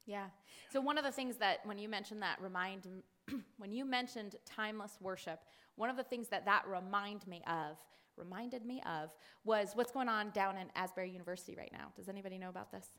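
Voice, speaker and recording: A woman speaking to a congregation in a sermon-style talk, telling a story with many fillers and quick restarts. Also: medium pitch, fairly bright tone. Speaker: church speaker.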